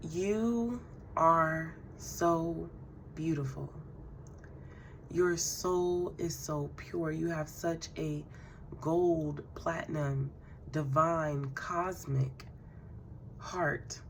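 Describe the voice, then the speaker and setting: A woman doing a spiritual tarot reading. She speaks to the listener directly in a relaxed, affirming way, with fillers and soft laughs. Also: low-pitched, extremely slow, a little hiss or hum. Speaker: tarot card reader.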